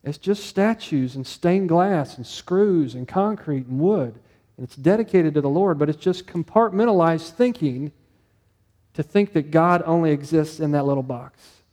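A male pastor preaching a conversational sermon, animated and acting out his own inner dialogue. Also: fairly high pitch, normal speed, big-room sound.

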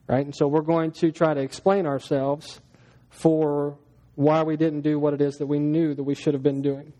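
A man's voice: a little high, level tone, a little fast, dark tone. A man preaching a sermon as pastor, talking to the congregation in a chatty way and acting out everyday scenes in little voices. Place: church hall. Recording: long hall reverb.

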